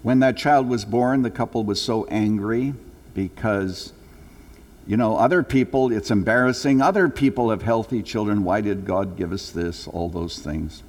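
Older preacher in a reverberant sanctuary. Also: male voice, darkish tone. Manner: earnest storytelling, rising for emphasis then dropping low and slow. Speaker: pastor. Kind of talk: sermon. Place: church sanctuary. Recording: long hall reverb.

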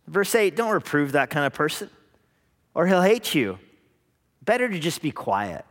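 Lively preaching man in an echoing church. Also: high-pitched. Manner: lively preaching, acting out hesitant and scoffing voices. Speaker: pastor. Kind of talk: sermon. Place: church sanctuary. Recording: long reverb of a church hall.

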